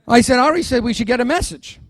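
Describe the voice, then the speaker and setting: A man's voice: very high-pitched, fast, no echo, clean studio sound. A man giving a keynote speech at a dinner, telling a story with humorous asides and acting out the dialogue in quotes. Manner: animated, acts out dialogue in quotes. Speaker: keynote speaker.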